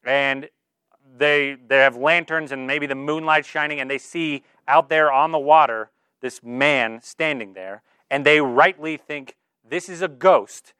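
Smooth-voiced casual male preacher. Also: on the high side, fairly even intonation, measured pace, sharp tone, dry recording. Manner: earnest, informal, filler-heavy with "like". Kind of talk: conversational sermon.

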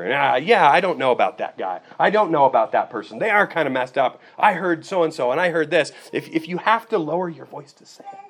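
A man delivers a sermon in a relaxed, conversational teaching voice at a middling pitch. He keeps turning to his listeners with quick checks like "okay" and "right" as he explains. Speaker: pastor.

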